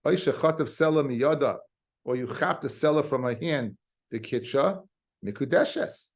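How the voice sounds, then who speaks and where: A man's voice: medium pitch, expressive. A rabbi teaching a daily Talmud class, reading Aramaic phrases and explaining them in casual English, often restarting his sentences. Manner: explains in a quick mix of Hebrew-Aramaic terms and English, with restarts.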